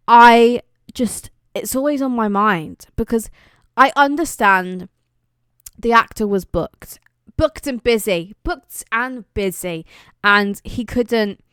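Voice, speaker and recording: Chatty young British woman, smooth voice. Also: mid-range voice, fairly bright tone, no echo, clean studio sound. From Britain. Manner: chatty and dramatic, playful exaggeration. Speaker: vlogger. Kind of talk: casual chat.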